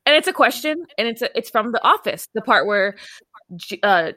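Lively bright woman quoting movies. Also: fairly high pitch, moderate pace, no room sound. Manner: animated, quotes movies, swears. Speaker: podcast co-host. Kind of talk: casual chat.

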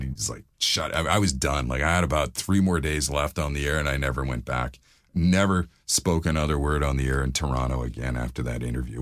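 A middle-aged man, a former radio DJ and voiceover artist, telling stories in a casual interview with lively acted-out quotes. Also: no room sound, clean studio sound. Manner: animated anecdotes, acts out quotes with big pitch jumps.

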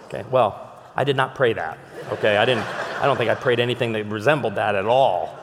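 A man's voice: lowish voice, a little fast, noisy background. A male pastor telling funny stories to a live audience in a big hall, then turning earnest as he makes his appeal. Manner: animated, jokey anecdotes with sudden shifts to earnest appeal. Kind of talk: humorous sermon storytelling. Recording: long hall reverb, live stage recording.

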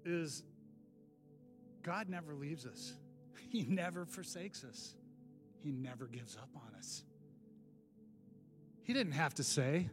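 A man's voice: a little high, animated, takes it slowly, long pauses, faint music behind. A man telling his personal testimony in a candid, earnest storytelling manner with sudden emphatic bursts. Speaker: speaker giving a personal testimony. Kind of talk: spoken testimony message.

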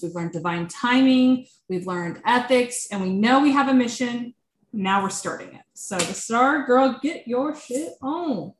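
A woman giving a casual tarot reading, chatty and animated, often saying "like". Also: medium pitch, reverberant, slight background noise. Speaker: tarot reader.

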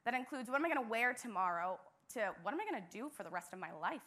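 A woman's voice: fairly high pitch, sharp tone. A young woman, a church intern, giving an earnest devotional message with emphatic repetition.

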